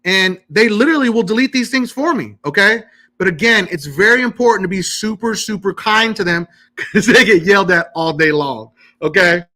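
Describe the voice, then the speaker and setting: A man's voice: high voice, lively intonation, normal speed, sharp tone. A man hosting a live-stream Q&A on credit repair, talking emphatically and often checking in with "okay?".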